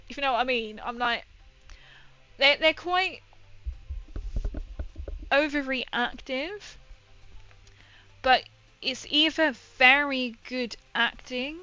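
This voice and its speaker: A woman's voice: high voice, slow pace, pauses often, sharp tone, muffled recording. A young woman streaming while painting miniatures, telling a rambling story in casual chat with lots of fillers. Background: faint background music.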